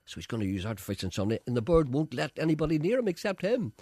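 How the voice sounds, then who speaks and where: A man talks fast as a radio host, rambling through an anecdote and acting out every quote. His pitch jumps all over the place, and his voice is husky and dry. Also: sing-song, a little mellow, no room sound. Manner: rambling storyteller, acts out quotes, laughs at own tales. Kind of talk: casual chat.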